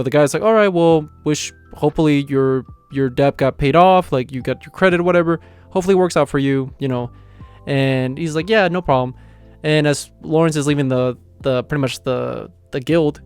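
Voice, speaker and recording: A man's voice: fairly high pitch, smooth, no echo. A young man hosting his anime channel, recapping an episode in a rambling, casual way full of quoted lines and fillers. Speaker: anime reaction channel host.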